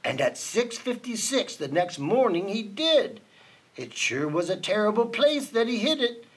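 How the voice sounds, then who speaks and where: A man reading a rhyming children's book aloud with an expressive, sing-song rhythm. His pitch is very lively, his pace unhurried, and his voice slightly husky. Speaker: storybook reader. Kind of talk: children's storybook read-aloud.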